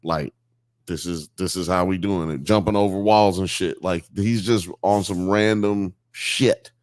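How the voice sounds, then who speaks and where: A man's voice: sits low, steady tone, measured pace, no room sound. A man co-hosting a casual podcast, talking loosely and with lots of profanity, often acting out characters in a mock New York accent. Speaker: podcast co-host.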